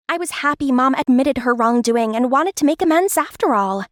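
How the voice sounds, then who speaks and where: A young woman tells an animated story in the first person. Her voice sits high and swoops up and down with a lot of expression. The recording is dry and close, with no room around it. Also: normal speed, few pauses, no room sound.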